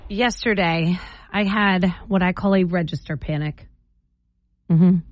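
A woman hosting a morning radio show, telling a story in a chatty, animated way with playful asides, speaking into a studio microphone. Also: fairly low pitch, a little slow, lo-fi sound, a little hiss or hum. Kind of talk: casual on-air chat.

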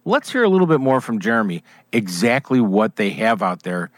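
A man's voice: on the low side, very animated, fairly quick, no room sound, studio quality. An older man hosting an outdoors radio show, chatting with a guest, enthusiastic and rambling with fillers and restarts. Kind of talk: casual radio chat.

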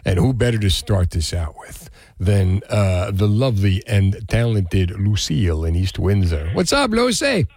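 A man hosting a call-in radio talk show, brisk and quick to laugh. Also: lowish voice, sing-song, a little mellow, breathy edge, no echo. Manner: brisk, laughs often, reads ads quickly. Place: radio studio.

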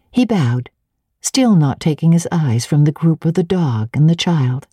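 A woman narrating a classic novel in the first person as an audiobook, with an expressive reading manner. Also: sits low, a little slow, no echo, studio quality. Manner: expressive, clearly paced reading.

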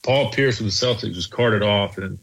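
A man's voice: on the low side, moderate pace, creaky, a bit bright, low-quality recording. A man co-hosting sports talk radio, hedging and rambling through his take with many restarts.

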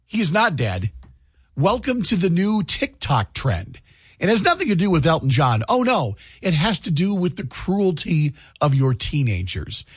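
A man's voice: fairly high pitch, huge pitch swings, a little slow, breathy edge, dry recording, studio quality. A man, hosting a morning radio show and chatting about his family in an upbeat way. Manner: chatty, upbeat, tells home stories. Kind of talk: morning radio chat and announcements. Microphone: studio microphone, dry booth.

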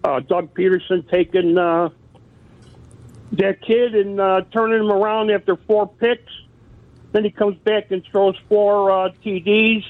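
A man's voice: high voice, steady tone, measured pace, no room sound. Hesitant male caller on a phone line. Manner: hesitant, many ums and uhs. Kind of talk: call-in radio chat.

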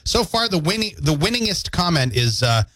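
A man's voice: fairly high pitch, very animated, normal speed, fairly bright tone, no echo. Man, morning radio host, jokey, reads listener comments, studio mic, very dry sound. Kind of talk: casual radio banter and news updates. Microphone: studio microphone.

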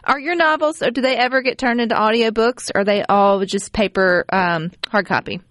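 A woman's voice: a little high, a little fast, a bit bright, no room sound. Upbeat woman hosting, dry sound. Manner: friendly, folksy, upbeat. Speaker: talk show host. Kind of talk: casual interview chat.

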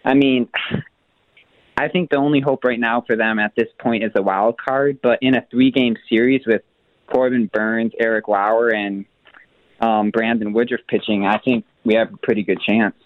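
A man's voice: medium pitch, fairly even intonation, normal speed, no echo. Rambling male caller on a phone line. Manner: rambling, hesitant, many fillers. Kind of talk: casual call-in chat.

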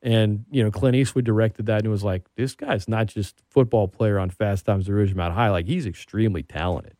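A man hosting a radio show, chatting casually and telling stories with animated excitement. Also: lowish voice, a little fast, dry recording, studio quality. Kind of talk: casual chat.

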